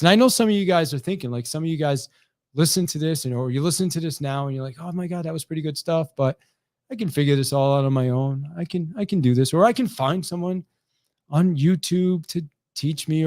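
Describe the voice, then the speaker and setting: A middle-aged man telling a motivational story as a sales trainer, animated, acting out the quoted lines, often restarting his sentences. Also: a little high, fairly quick, dry recording. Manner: animated, acts out quoted dialogue, frequent restarts.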